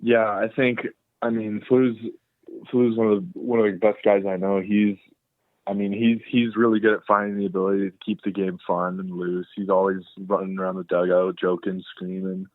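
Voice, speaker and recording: A young man from Canada, a drafted ballplayer, answering interview questions by phone in a soft-spoken way, often repeating words. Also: on the low side, level tone, normal speed, no echo. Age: young adult. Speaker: drafted baseball player, guest. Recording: tinny phone line.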